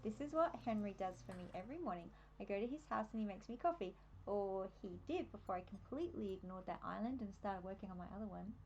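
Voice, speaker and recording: A woman's voice: mid-range voice, lively intonation, fast talker, darkish tone, slight background noise. A woman with an Australian accent chatting casually on a live game stream, easily sidetracked and amused at herself. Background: faint game music.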